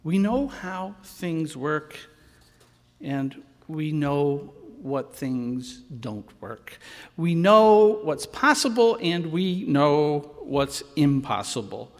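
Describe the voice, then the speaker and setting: Male preacher, storytelling sermon, high voice, unhurried delivery. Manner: slow, expressive storytelling. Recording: long hall reverb.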